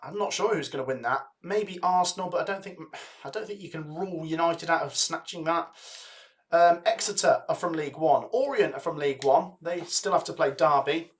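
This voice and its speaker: A man's voice: fairly high pitch, brisk. Upbeat young man hosting a football livestream. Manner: upbeat, urging viewers to like and comment; rattles off lists of club names from the chat. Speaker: livestream host. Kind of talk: live football watch-along chat.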